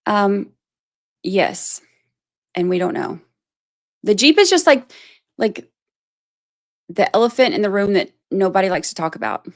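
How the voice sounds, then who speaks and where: A woman hosts a livestream and chats loosely about a trial, reading out comments from the chat. Her mid-range voice is unhurried and lively in intonation, broken up by long pauses. She thinks aloud, rambles with plenty of "like" and "you know," and is self-deprecating.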